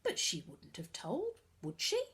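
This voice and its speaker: A woman reading aloud and voicing a frightened, despairing young schoolboy in a high, wailing voice. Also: wildly swooping pitch, a little slow, a bit bright, exaggerated voice. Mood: worried.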